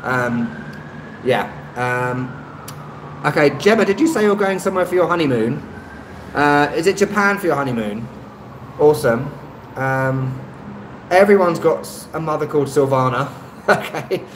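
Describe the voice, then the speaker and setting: A man's voice: fairly high pitch, lively intonation, moderate pace, pauses often. Chatty man in an echoey room. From England. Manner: rambling and hesitant, with frequent ums and light laughs. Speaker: YouTuber hosting a live stream. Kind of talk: casual live-stream chat, reading viewer comments. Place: indoor room, street traffic outside. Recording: echoey room with faint street noise.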